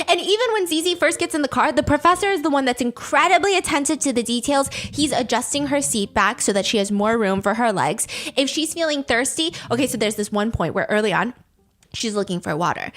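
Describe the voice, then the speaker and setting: A woman with a slightly high voice tells a story in a relaxed, chatty way. She is animated and sarcastic, drops the odd swear word, and her delivery swings between exasperated asides and quick, lively bursts. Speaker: podcast host. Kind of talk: casual storytime commentary.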